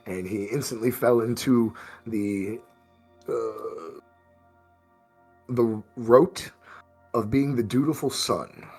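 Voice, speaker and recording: Husky man recapping as game master. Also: medium pitch. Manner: rambling recap with many fillers and restarts. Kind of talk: recapping a tabletop game session.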